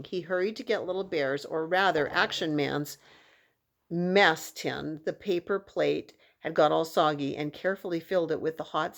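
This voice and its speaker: Expressive children's book reader, woman, lower-pitched voice. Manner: expressive storytelling. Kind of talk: reading a children's novel aloud.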